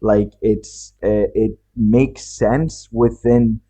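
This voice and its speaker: A young man co-hosting a casual film-review podcast, drawing out his words slowly and swearing casually. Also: on the low side, steady tone, mellow, breathy edge. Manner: slow, drawn-out, swears casually. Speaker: podcast co-host.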